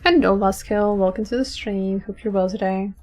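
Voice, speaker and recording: A woman streamer reading a game story aloud, with soft, friendly asides to her chat. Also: medium pitch, normal speed, soft background music. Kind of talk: casual live-stream chat.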